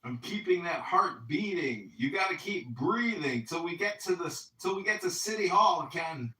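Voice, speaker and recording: Effusive man, bright and echoey. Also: expressive, normal speed. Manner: effusive, booming greetings. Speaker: host and political candidate. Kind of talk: casual chat on a voice chat app. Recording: echoey and distant.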